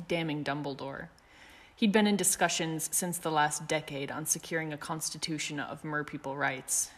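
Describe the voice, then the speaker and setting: A woman narrating a story in a calm, measured reading voice. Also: sits low, long reverb tail. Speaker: audiobook narrator.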